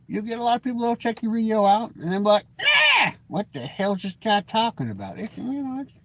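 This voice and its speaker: A man from the Pacific Northwest hosting a casual, rambling live stream, folksy and joking, calling himself grumpy. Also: no echo. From Washington state. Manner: lively pitch swings, mimics voices in anecdotes.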